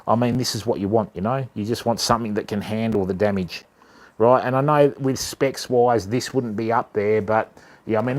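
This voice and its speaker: A man's voice: mid-range voice, a little mellow. A man hosting a casual fishing livestream, chatting with viewers and calling them mate. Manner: chatty, matey, addresses chat as mate and fam. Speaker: livestream host of a fishing channel.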